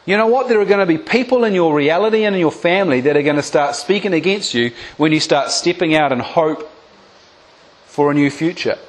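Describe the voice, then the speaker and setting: A man preaching a sermon, retelling a Bible story with lively acted-out voices and direct appeals to the congregation. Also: fairly high pitch, fairly quick. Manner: animated storytelling, acting out biblical voices.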